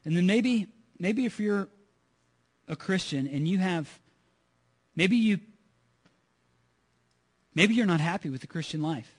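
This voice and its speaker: A man with a high voice preaches to his congregation. He talks earnestly, repeats his points and asks rhetorical questions. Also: lively intonation, measured pace, pauses often, breathy edge. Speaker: pastor. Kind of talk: sermon.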